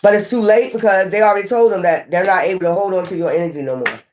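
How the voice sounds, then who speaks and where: Animated woman doing a tarot reading. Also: medium pitch, quick pace. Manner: animated, scolding, repeats phrases. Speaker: tarot reader.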